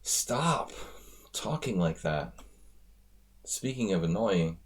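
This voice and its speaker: A man's voice: fairly low pitch, animated, normal speed, a little mellow. An American man chatting casually while commenting on his own online chess games during a live stream, wandering off into asides. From United States. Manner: rambling, chatty asides between chess moves.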